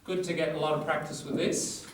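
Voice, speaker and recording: A man's voice: fairly high pitch, little pitch movement, fairly quick, slight background noise. Man, Australian accent, classroom lecture, chatty, echoey room, distant mic. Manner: chatty, digressive, explains with examples. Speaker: English teacher.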